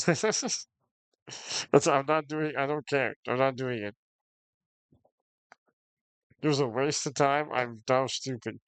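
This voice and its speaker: A man talking to his stream chat in a loose, profane rant, audibly fed up but breaking into short laughs. His voice sits at an ordinary middle pitch. The sound is dry, with no room around it. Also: slow, long pauses, clear, resonant tone, dry recording. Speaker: game streamer. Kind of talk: casual ranting to stream chat.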